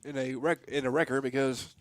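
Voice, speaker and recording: A man's voice: medium pitch, steady tone, brisk. A man co-hosting a radio talk show, with easygoing, casual talk. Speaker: radio co-host. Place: radio studio.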